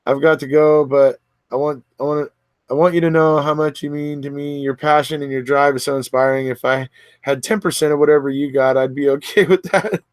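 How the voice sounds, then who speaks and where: Here a man reads viewer comments aloud on a casual livestream and responds in a chatty, stop-and-start way full of fillers. He speaks a little fast in a slightly high, steady voice, with no echo.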